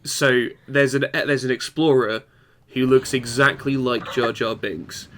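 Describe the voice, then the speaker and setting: A man's voice: mid-range voice, fairly even intonation, measured pace, a bit bright. A man co-hosting a casual podcast chat, rambling and restarting his sentences as he builds a joke. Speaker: podcast co-host.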